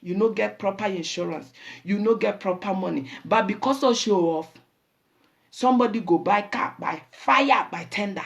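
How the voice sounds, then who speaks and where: A middle-aged woman with a Ghanaian accent, hosting a talk show and lecturing her listeners in a lively, preachy way, dropping Pidgin and Twi phrases. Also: medium pitch, normal speed, vocal fry. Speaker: show host. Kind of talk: casual talk show monologue.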